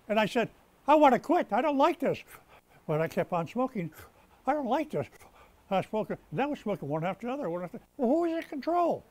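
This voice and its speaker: A man's voice: high voice, darkish tone. A man preaching a sermon as pastor, stressing words as he builds up and often restarting his sentences mid-thought. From United States. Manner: preaching with rising emphasis and repeated words. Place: rescue mission chapel.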